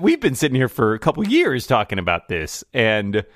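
A man's voice: mid-range voice, wildly swooping pitch, moderate pace, no echo, studio quality. A man co-hosting a casual tech podcast, rambling with lots of fillers and frequent laughs. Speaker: podcast co-host.

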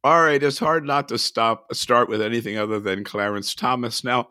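A man hosting a political podcast, brisk and conversational as he hands off to guests by name. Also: mid-range voice, pushed and bright, no room sound, studio quality. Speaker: podcast host. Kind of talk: casual political podcast chat.

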